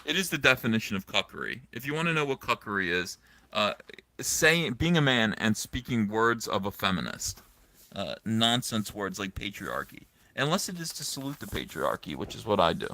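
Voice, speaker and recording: A middle-aged comics commentator in a casual vlog, recorded on a phone on a stand, rambling through sarcastic, mocking remarks packed with fillers. His voice sits on the low side and is creaky, pushed and bright. He delivers it at a normal speed and very animated.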